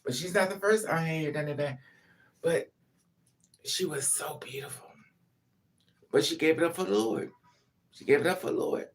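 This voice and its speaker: A man's voice: a little high, animated, brisk. A man telling candid personal family stories to camera in a blunt, profane, emphatic way, with frequent asides. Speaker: vlogger. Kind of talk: candid personal storytelling monologue.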